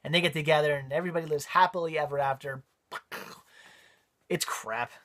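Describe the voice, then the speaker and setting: A man's voice: a little high, fairly even intonation, fairly quick, fairly bright tone. A man giving a casual spoken movie review, rambling with frequent ums and repeated words.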